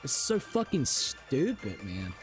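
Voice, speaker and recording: A man's voice: mid-range voice, wildly swooping pitch, slow, faint music behind. A male streamer cursing and ranting in frustration during a live gameplay stream.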